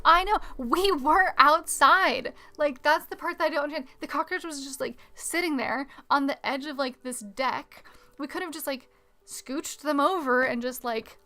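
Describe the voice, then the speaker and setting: A woman chatting casually on a live art stream while she draws, telling a story in a rambling, animated way full of fillers. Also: high voice, moderate pace. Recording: faint music in background.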